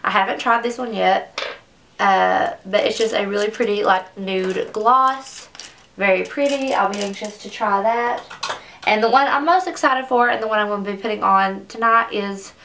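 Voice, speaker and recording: A woman's voice: medium pitch, normal speed, fairly bright tone, distant mic, a little hiss or hum. A young woman reviewing makeup in a casual, gushing way, often saying "like," in a makeup room at home. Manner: chatty, gushing, says "like" often. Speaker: beauty vlogger.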